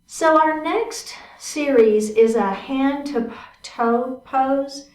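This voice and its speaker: A woman guides a chair yoga class in a fairly high voice, calling out each move and asking how it feels. She stands a little away from the mic, and the room echoes around her. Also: slow, darkish tone. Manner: encouraging, cueing moves step by step with frequent check-ins. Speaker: yoga instructor. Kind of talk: guided exercise class instruction. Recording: roomy sound from a distant mic.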